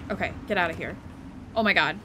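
A young woman streaming a video game for the first time, excitable and giggly, reacting loudly and reading dialogue choices aloud. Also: lowish voice, fast, noisy background. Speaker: gaming streamer. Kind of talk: casual let's-play commentary.

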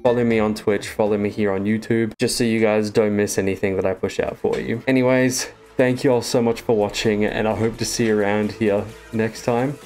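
Australian man, young streamer, low-pitched, nervous laughter, gaming commentary. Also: level tone, a little fast, hardly any pauses, darkish tone, faint music behind. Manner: jittery, swearing, nervous laughter.

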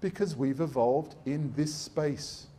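Blunt man with a mellow voice. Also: fairly high pitch, slow, slight background noise. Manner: blunt, sarcastic, irreverent. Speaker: surgeon giving a public talk. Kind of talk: lively public talk.

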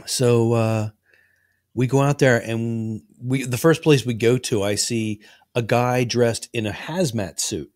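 A man tells a rambling, profane story on a podcast, acting out every quote along the way. His voice sits at an ordinary pitch. The sound is dry and close. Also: fairly even intonation, takes it slowly, a little mellow, no echo. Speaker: podcast co-host. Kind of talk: casual storytelling.

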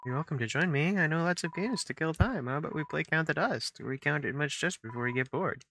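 A man voicing a small friendly dust bunny creature that talks in a soft, gentle, coaxing way. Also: fairly high pitch, fairly quick, a little hiss or hum, voice pushed up. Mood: playful. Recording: game music behind the voice.

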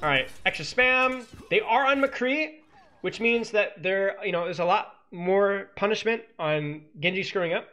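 Man, esports coach, replay analysis, teasing, bright voice. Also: high-pitched, a little slow. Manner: teasing, sarcastic, jokey.

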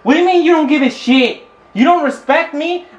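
A man's voice: very high voice, fairly quick, dull audio. Foul-mouthed young man, echoey room. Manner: foul-mouthed, shouting and taunting. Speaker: teen YouTuber in a prank clip. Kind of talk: staged family confrontation.

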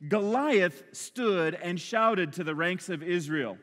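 A male pastor gives an energetic, conversational sermon from a church stage. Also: high-pitched, slow, hardly any pauses. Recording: long hall reverb.

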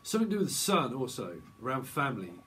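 A man's voice: medium pitch, huge pitch swings, fast, fairly bright tone, slight background noise. A man giving a casual tarot reading, talking in a playful, rambling way and slipping into silly voices. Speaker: tarot reader.

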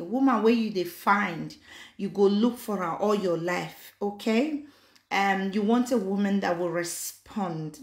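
A woman's voice: mid-range voice, roomy sound. A woman chatting casually to viewers on a live stream, mixing in pidgin and giving blunt advice. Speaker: vlogger.

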